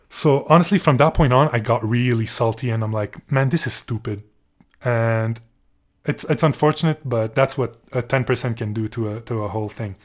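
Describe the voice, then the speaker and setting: A young man from Canada telling a rambling, sarcastic story on his podcast, swearing often and restarting his sentences. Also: medium pitch. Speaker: podcast host. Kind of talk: casual storytelling monologue.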